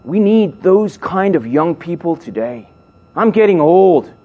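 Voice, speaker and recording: Middle-aged male youth preacher, slightly high voice, jokes and builds emphasis. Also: sing-song, a little slow, narrow, tinny audio. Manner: playful, jokes with the audience, emphatic build-ups. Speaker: speaker at a youth gathering. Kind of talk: sermon to young people.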